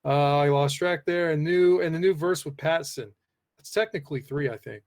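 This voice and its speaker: A man's voice: fairly high pitch, fairly quick, darkish tone. A man hosting a casual live podcast, rambling with lots of fillers as he reads the chat aloud. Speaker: podcast host.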